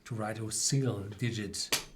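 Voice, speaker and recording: A man hosting a live whisky tasting, explaining slowly with many fillers and restarts. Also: lowish voice, fairly even intonation, noisy background. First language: German. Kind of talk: live-stream tasting chat.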